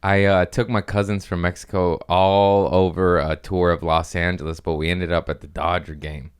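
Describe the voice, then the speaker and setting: Guy with a low voice just rambling thru goofy stories, cussing and cracking himself up. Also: level tone, moderate pace, clear, resonant tone. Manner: loose, rambling, swearing and laughing at his own stories. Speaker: podcast host. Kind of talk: casual storytelling chat.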